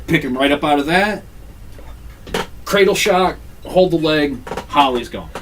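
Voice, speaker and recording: A man's voice: on the high side, measured pace, distant mic, slight background noise. A man hosting a podcast, casually telling a wrestling story with lots of swearing and acted-out quotes. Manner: profane, animated, acts out quotes. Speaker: podcast host recapping a wrestling game.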